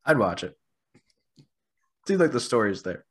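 A man's voice: mid-range voice, unhurried. A man co-hosting a podcast, giving his opinion casually while he hedges and thinks aloud. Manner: hedging, thinking aloud, animated. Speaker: podcast co-host. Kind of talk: casual chat.

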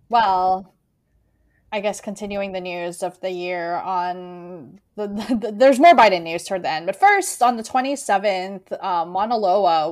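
A woman from the United States co-hosting a casual astrology podcast, chatty and quick to laugh. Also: mid-range voice, darkish tone. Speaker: podcast co-host.

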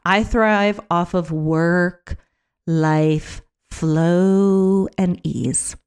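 A woman talking casually on her own podcast, chatty and animated, with many fillers and restarts, sometimes acting out other people's voices. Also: lowish voice, drawn-out words, clean tone. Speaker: podcast host. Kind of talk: casual solo podcast talk.

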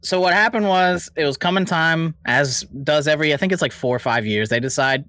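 A man's voice: a little high, brisk, bright, forceful tone, no echo. A man co-hosting a podcast, explaining a topic at length in a rambling, casual way with many fillers. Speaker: podcast co-host presenting the topic.

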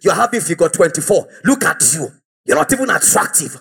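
A man's voice: a little high, lively intonation, a little fast, vocal fry, fairly bright tone, slightly rough, pitched below the performer's own voice, heavily acted. A male preacher voicing a scornful man who mocks and belittles a young person. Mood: mocking. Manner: mocking, contemptuous.

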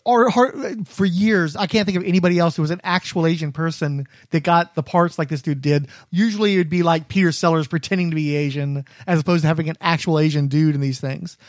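A man's voice: fairly high pitch, quick pace, hardly any pauses, dry recording, clean studio sound. A man co-hosting a podcast, casually recapping an episode and often correcting himself mid-sentence. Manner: rambling, self-correcting recap. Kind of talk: casual chat.

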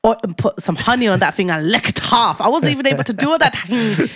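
A woman's voice: a little high, expressive, fast talker, husky, no echo. A woman co-hosting a podcast in casual chat, playful and teasing, often talking over her partner. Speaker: podcast co-host.

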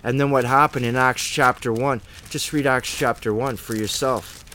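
A man's voice: medium pitch, steady tone, moderate pace, sharp tone. A man teaching the Bible in an informal, emphatic way, rambling with restarts and asides.

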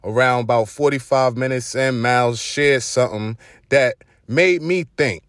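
A man's voice: mid-range voice, normal speed, fairly bright tone, no echo, studio quality. A young man with a Brooklyn accent hosting his own vlog, chatting loosely in street slang with lots of ums and restarts. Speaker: host. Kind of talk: casual vlog monologue.

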